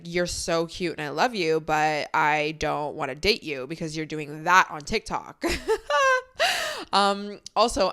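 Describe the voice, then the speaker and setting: A woman's voice: fairly low pitch, fairly bright tone, clean tone. A young woman hosting a podcast, chatting casually and candidly at home into a microphone, with plenty of "like" fillers. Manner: chatty and candid, heavy use of "like". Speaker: podcast host. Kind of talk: casual chat. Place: home, filming for video. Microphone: studio microphone.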